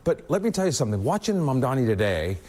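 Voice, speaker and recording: A man's voice: medium pitch, very animated, fast talker, mellow. A man commentating on a cable news panel, confident and emphatic.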